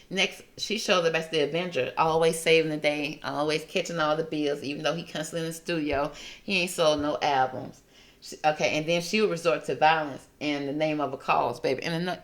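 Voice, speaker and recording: Sassy low-voiced woman reading tarot. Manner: sassy, gossipy, calls listeners honey and baby. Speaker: tarot reader host. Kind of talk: casual tarot reading commentary.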